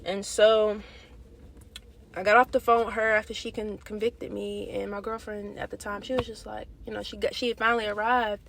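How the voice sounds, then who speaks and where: A young woman vlogger telling a personal faith testimony in a candid, animated, slangy way. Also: mid-range voice, normal speed, gravelly, a little hiss or hum. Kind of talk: casual testimony.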